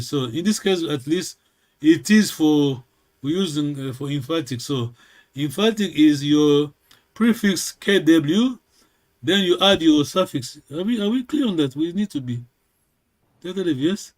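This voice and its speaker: A man teaching a language class in a halting way, repeating words and checking in with "yes?" again and again. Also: fairly high pitch, animated, darkish tone.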